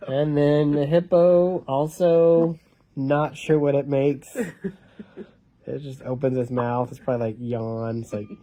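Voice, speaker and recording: A man's voice: on the high side, fairly even intonation, slow pace, dark tone. A man reading a picture book aloud to his baby in a casual home video, joking about what noises the animals make.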